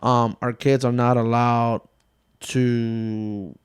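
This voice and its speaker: In clean, echo-free studio quality, a man in his thirties co-hosts a casual podcast with a medium-pitched, level voice and drawn-out words. He tells stories loosely, joking, swearing a lot and laughing often.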